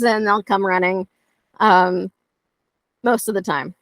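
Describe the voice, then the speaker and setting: A woman's voice: a little high, fairly even intonation, normal speed, no echo. A woman dog trainer teaching conversationally, telling stories and acting out dialogue in playful voices.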